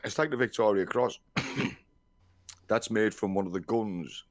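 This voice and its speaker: Low-voiced man retelling history. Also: slow pace, no echo, studio quality. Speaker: podcast co-host. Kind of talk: casual chat.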